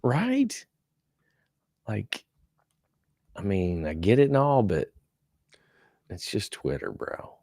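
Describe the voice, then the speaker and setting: A man's voice: on the low side, wildly swooping pitch, takes it slowly, long pauses, a little mellow, no room sound, studio quality. A man co-hosting a church podcast, talking casually and laughing easily. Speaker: podcast co-host. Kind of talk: casual banter.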